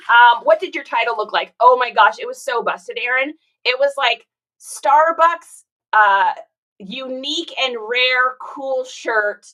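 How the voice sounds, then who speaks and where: A woman reselling on a livestream chats casually while packing orders, reading viewer comments aloud and laughing often. Her voice is on the high side, pushed and bright, and the recording quality is low.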